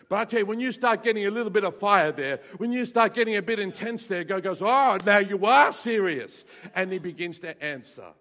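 A male pastor preaching a lively sermon to his congregation, with playful asides and bursts of raised voice. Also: fairly high pitch. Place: church hall with congregation.

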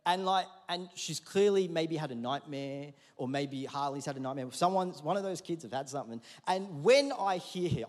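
A man preaching a sermon in a church hall, conversational and then rising to loud emphatic peaks. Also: fairly high pitch. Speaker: pastor. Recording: hall reverb.

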